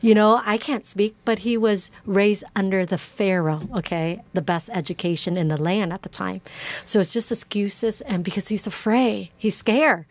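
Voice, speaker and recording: An animated woman talks as a guest in a casual interview, rushing through quick bursts full of fillers. Her pitch sits mid-range, and the recording is close and dry, with no room sound. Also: no room sound. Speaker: city councilwoman, podcast guest.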